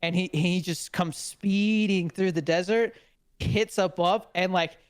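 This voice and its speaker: A man's voice: high voice, a little slow, clean tone, dry recording. A man co-hosting a podcast in casual chat, telling stories with lots of laughter and acting out what people said. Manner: animated storyteller, acts out quotes, laughs often. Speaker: podcast co-host.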